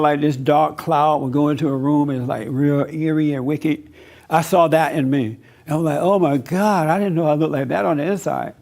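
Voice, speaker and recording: A man's voice: on the high side, darkish tone. Earnest, conversational male preacher. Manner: conversational, earnest, repeats key points; testimonial storytelling. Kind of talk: informal sermon-style teaching to an audience.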